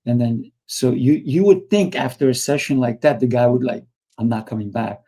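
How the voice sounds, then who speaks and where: A man's voice: medium pitch, lively intonation, moderate pace, warm tone, husky. A man hosting an interview show, telling anecdotes and acting out both sides of the conversations. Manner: tells anecdotes, acts out both sides of dialogues. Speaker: podcast host. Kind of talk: conversational storytelling.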